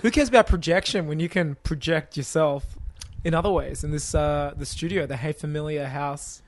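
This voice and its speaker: A man co-hosting a podcast, full of quick jokes and banter. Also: on the high side. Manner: jokey, quick quips and banter. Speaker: podcast co-host. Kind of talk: casual podcast chat.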